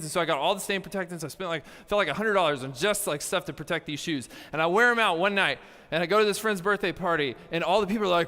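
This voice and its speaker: Animated young man preaching in a hall. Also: high voice, fast talker. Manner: animated storytelling with playful asides. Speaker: youth pastor. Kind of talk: youth camp sermon. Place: large hall with a live audience.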